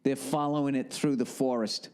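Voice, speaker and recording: A middle-aged man, hosting a podcast in an animated, swearing comedic rant with acted-out asides. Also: mid-range voice, moderate pace, clear, resonant tone. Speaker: podcast host.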